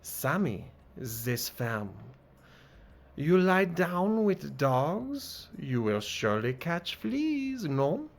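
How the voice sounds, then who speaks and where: A man's voice: fairly high pitch, sing-song, drawn-out words, heavily acted. A man voicing a flamboyant, flirtatious female jester who speaks with a put-on French accent and drops in French words. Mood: flirty mocking.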